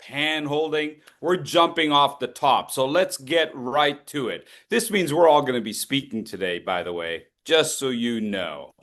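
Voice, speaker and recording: A man's voice: mid-range voice, a bit bright. A man coaching speakers in an online voice workshop, upbeat and leading repeat-after-me drills. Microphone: video call.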